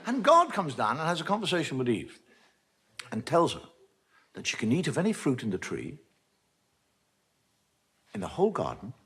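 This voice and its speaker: A man's voice: a little high, wildly swooping pitch, moderate pace, long pauses, a bit bright. A man doing a wry stand-up monologue, telling jokes with a storytelling, swooping delivery. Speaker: comedian.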